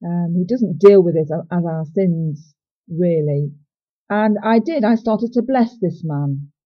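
A woman's voice: on the low side, unhurried, highs cut off. A woman sharing a personal faith testimony in an earnest, reflective and candid way.

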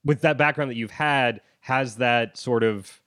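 A man's voice: mid-range voice, unhurried, a bit bright, clean tone, no room sound. A man hosting a podcast, talking casually and searching for words with many fillers. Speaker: podcast host. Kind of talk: casual interview chat.

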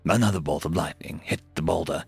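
Male narrator for a fantasy audiobook, gravelly voice, animated delivery, dry close sound. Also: rumbling low, a little fast, no room sound, soft background music. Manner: lively first-person storytelling.

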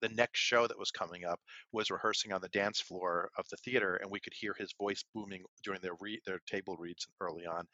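A man's voice: lowish voice, sharp tone, no room sound. A man co-hosting a podcast who tells stories casually and rambles. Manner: rambling, with frequent fillers. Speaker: podcast co-host. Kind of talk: casual chat and storytelling. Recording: dull, lo-fi and dry.

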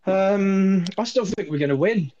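A man's voice: high-pitched, expressive, a little slow, mellow, a little hiss or hum. A man on a podcast panel, jokey and needling, talking over a phone line. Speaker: regular panel guest. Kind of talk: casual chat. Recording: dull lo-fi phone audio.

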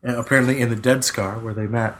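A man's voice: medium pitch, fairly even intonation, fast talker, a little hiss or hum. A man co-hosting a gaming podcast, giggly and self-deprecating as he reads a listener email. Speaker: podcast co-host. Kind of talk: casual podcast chat.

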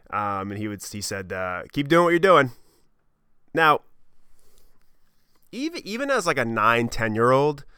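A man's voice: lowish voice, bright, forceful tone, smooth, dry recording, clean studio sound. A young man hosting a podcast, telling a story from his childhood in a rambling, self-deprecating way, with lots of fillers, sidetracks and casual swearing. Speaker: podcast host.

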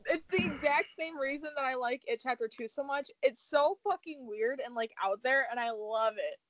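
A woman's voice: high-pitched, normal speed, dry recording, rough recording. A woman co-hosting a movie podcast in casual chat, laughing a lot and swearing casually. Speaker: co-host.

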